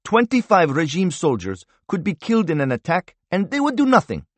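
An intense rebel fighter, read by a man, speaking with heated conviction. The voice lifts noticeably higher than the narration and pushes harder. It sounds close and dry. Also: huge pitch swings, a little fast, dry recording, exaggerated voice. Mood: indignant.

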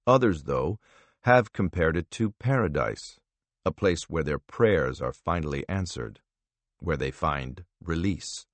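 A man voicing a calm, menacing male interrogator who speaks softly and slowly with quiet threat. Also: extremely low pitch, no room sound, voice pushed down, exaggerated voice. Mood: calm menace. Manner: soft, slow, quietly threatening.

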